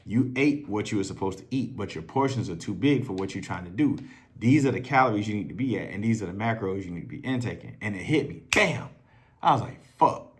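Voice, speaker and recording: A man's voice: lowish voice, fast talker, a little mellow. Loose, profane man telling a story. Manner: loose, profane and conversational, acting out others' voices. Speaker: self-improvement coach. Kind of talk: casual storytelling monologue.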